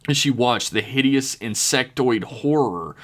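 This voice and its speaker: A man's voice: mid-range voice, lively intonation, a little slow. A man narrating a tabletop role-playing game in a dramatic style, swearing and laughing now and then. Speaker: game master.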